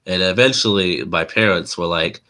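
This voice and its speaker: A man with a deep, low-set voice that carries a nasal edge. He rambles in a relaxed, chatty way as he hosts his own livestream, circling back with restarts and fillers. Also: moderate pace. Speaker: livestream host. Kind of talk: casual rambling livestream talk.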